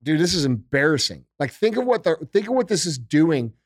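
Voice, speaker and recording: A man's voice: on the high side, big pitch swings, brisk, no room sound, clean studio sound. A man hosting a podcast, ranting with heavy swearing and repeated rhetorical questions. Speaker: podcast host. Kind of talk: profane political rant.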